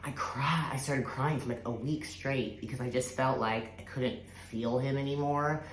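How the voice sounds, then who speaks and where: This spiritual vlogger's bass voice holds fairly even intonation at a normal speed. She recounts a personal spiritual story in a loose, rambling way, with lots of fillers, restarts, and the odd curse, against a faint hiss in an echoey room.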